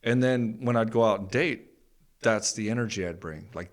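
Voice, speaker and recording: A middle-aged man, a podcast guest, candidly telling a personal story in a blunt, profane way that gets animated when he relives his anger. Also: on the low side, normal speed.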